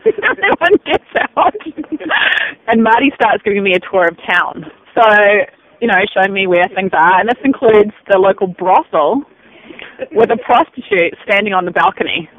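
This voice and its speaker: An Australian woman, a podcast guest, telling a story in a lively, chatty way. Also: medium pitch, moderate pace. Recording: dull lo-fi sound.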